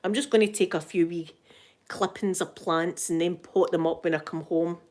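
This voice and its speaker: A woman's voice: fairly low pitch, fairly even intonation, moderate pace, a little mellow. An older woman with a Scottish accent, chatting casually and cheekily as an ASMR host, laughing often.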